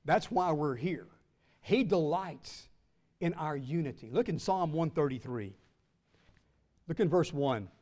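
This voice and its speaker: Brief: high-pitched male pastor, sermon delivery, stretches key words, pauses for the congregation to fill in answers. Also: lively intonation, a little mellow. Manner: calls out questions for the congregation to answer; draws out key words slowly for emphasis.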